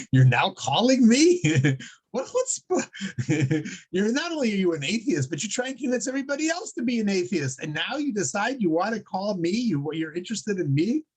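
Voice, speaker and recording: Guy doing god's voice in a joke, husky, higher and louder, kinda mocking. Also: sing-song, normal speed, full character voice. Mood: incredulous. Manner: mocking, incredulous. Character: booming voice of God from heaven, incredulous.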